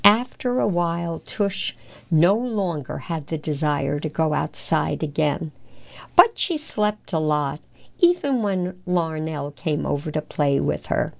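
A woman reading a children's storybook aloud in an unhurried, careful way. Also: low voice, lively intonation, gravelly. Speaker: storybook reader.

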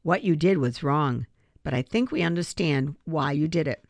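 A woman reading aloud, voicing a gentle, patient old grandmother who speaks softly. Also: deep voice, moderate pace, no room sound.

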